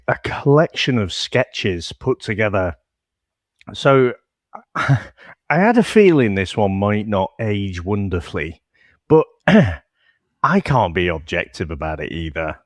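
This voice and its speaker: Low-voiced reflective man. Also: dry recording, clean studio sound. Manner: reflective, measured, chuckling. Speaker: podcast co-host. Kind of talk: casual film review chat.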